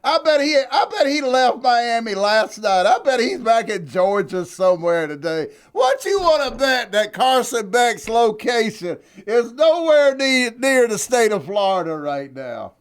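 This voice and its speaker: A man co-hosting a sports podcast, teasing and needling his partner, with bursts of loud ribbing. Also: extremely high pitch, big pitch swings, measured pace, few pauses. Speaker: podcast co-host. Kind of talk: casual sports banter.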